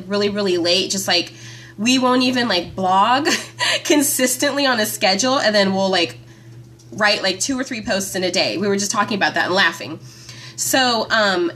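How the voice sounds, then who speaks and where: A woman hosting a live stream from her phone, chatting with viewers by name in a chatty, excitable way. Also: fairly high pitch. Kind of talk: casual live-stream chat.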